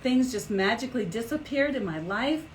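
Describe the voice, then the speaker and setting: A middle-aged woman hosting a live stream as an energy healer, talking in a chatty, animated way with big swoops in pitch. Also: moderate pace, slight background noise, poor audio. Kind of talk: casual live-stream talk.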